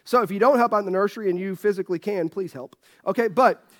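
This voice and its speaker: A man's voice: sits high, quick pace, a bit bright. A middle-aged man preaching a sermon as pastor, folksy and joking with his congregation. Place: church sanctuary.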